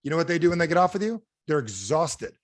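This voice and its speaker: A man giving an energetic sales training talk over a video call, firing questions at his audience. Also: fairly high pitch, fast, no room sound, studio quality. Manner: animated, asks the audience repeated questions. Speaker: motivational speaker.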